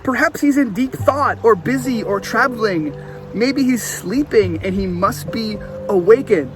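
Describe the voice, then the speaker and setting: A brash prophet hurls loud, jeering taunts at his rivals, as a man acts him out mid-sermon. The voice sits high and jumps around with mockery. Soft music plays underneath. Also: lively intonation, a little slow. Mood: taunting. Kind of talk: acted quote in a sermon.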